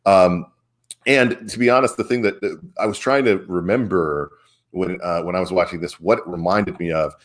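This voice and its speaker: A man's voice: low-pitched, fairly even intonation, normal speed. A man hosting a casual political chat, talking in a rambling way with many fillers. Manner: rambling, filler-heavy, asks questions. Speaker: podcast host.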